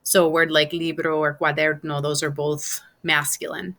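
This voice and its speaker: A woman teaching a Spanish class, explaining step by step with many pauses and fillers. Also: deep voice, flat delivery, a bit bright. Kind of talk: online class lesson.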